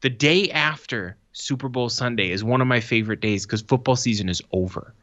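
A man in his thirties co-hosts a podcast in a bright, forceful voice, swearing freely and acting out other people's lines as he tells stories. The recording is dry and a little dull. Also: mid-range voice, a little fast, no echo. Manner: profane, animated storytelling with acted-out quotes. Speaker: podcast co-host. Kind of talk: casual chat.

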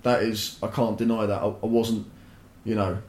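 A man's voice: on the low side, normal speed. Young man, casual swearing storyteller, roomy echo on the recording. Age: young adult. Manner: sweary, rambling, animated. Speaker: podcast guest.

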